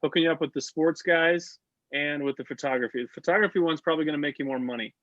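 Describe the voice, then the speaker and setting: A man leading a class on a video call, encouraging and offering job connections, talking in quick bursts with restarts. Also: fairly high pitch, fairly bright tone, no room sound, highs cut off. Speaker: class leader.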